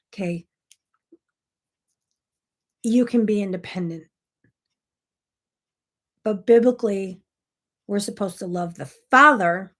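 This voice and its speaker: A middle-aged woman hosting a morning devotional video, talking earnestly and directly to the camera in a casual style. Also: medium pitch. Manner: earnest and direct, acts out quoted spouses in quick little voices. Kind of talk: casual faith talk to camera.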